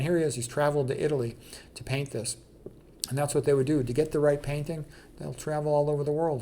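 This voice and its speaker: A man's voice: mid-range voice, a little mellow. A man walks through a slideshow of paintings in a loose, conversational way. He speaks bluntly and with emphasis, often saying "okay" and "you know" as he moves on. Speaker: presenter of an art slideshow. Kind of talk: casual commentary on a slideshow.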